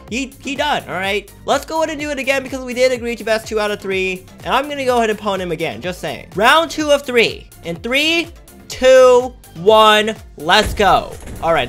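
A man giving excitable, trash-talking commentary over his own gameplay as a gaming YouTuber. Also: sits high.

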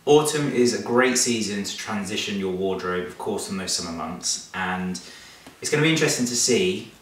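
A man's voice: on the low side, animated, normal speed, a bit bright, very echoey, far from the mic. A man hosting a casual chat to camera at home, joking and laughing often. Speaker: vlog host. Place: home room.

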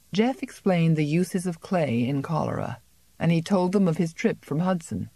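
A woman narrating an unabridged novel as an audiobook in a measured, even storytelling manner. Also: sits low, no echo. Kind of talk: scripted narration.

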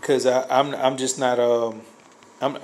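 A man's voice: medium pitch, level tone, a little slow, a little mellow, a little hiss or hum, low-quality recording. A man casually telling a personal story, rambling with many fillers and restarts. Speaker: guest sharing a testimony.

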